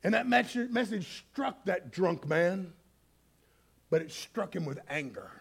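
A man preaching a sermon, telling stories dramatically and swinging between loud and hushed delivery. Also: high-pitched, lively intonation, slow, gravelly, slightly rough. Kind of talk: sermon storytelling.

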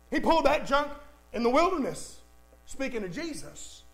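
A man's voice: extremely high pitch, sing-song, moderate pace, poor audio. A man preaching a sermon, emphatic, repeating lines for stress and speaking straight to the congregation. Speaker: pastor.

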